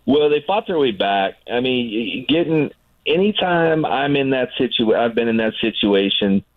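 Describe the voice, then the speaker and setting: A man in casual radio conversation, a former pitcher telling a funny story and slipping into the voices of the people in it. The sound is thin and phone-like, with no room around it. His pitch sits in the middle range. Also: moderate pace, dry recording. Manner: animated storyteller, acts out voices. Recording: tinny phone line.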